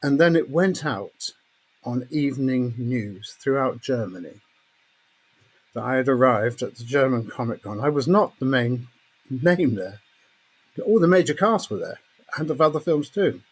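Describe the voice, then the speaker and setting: Husky older man telling tales. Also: mid-range voice, measured pace. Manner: lively raconteur, laughs often, acts out quotes. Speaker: podcast guest. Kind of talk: anecdotal storytelling.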